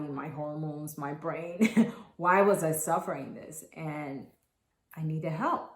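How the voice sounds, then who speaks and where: A woman in her thirties telling her own story to camera, earnest and halting, with many restarts. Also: sits low, vocal fry. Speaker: mother sharing her postpartum story. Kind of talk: personal testimonial to camera. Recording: echoey room.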